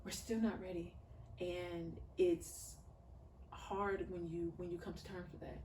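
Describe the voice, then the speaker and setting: A woman in her thirties talks earnestly about faith and raising children, rising and swelling as she speaks. Her voice sits fairly low and sounds a little distant from the mic. The room is echoey, with faint noise in the background. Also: flat delivery, unhurried, dark tone. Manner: earnest, heartfelt, preacher-like storytelling. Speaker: podcast guest. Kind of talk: casual conversational interview.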